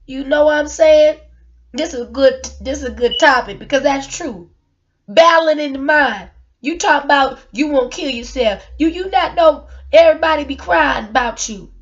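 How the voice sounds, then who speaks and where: A single mother shares her story in a personal vlog monologue, her high voice moving at a moderate pace with the highs cut off. She is emotional and earnest, repeating words and asking rhetorical questions.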